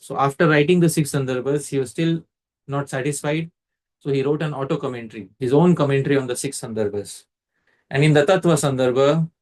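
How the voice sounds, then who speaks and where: A man teaches at a mid pitch in a measured lecture. He works through the ideas step by step and stops now and then to quiz a student by name. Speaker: facilitator teaching a scripture class. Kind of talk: explanatory lecture.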